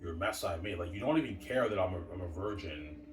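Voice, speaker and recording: Man, rambling angry monologue, rapid talk, distant mic. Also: deep voice, expressive, a little hiss or hum. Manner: aggrieved, profane ranting. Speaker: vlogger. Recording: echoey room, far from mic.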